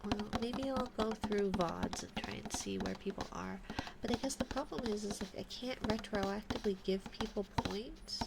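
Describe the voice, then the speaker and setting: Slow, gravelly-voiced woman streamer. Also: medium pitch. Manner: frustrated, muttering while fiddling with settings. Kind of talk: casual live-stream chat. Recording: loud background noise with keyboard clicks.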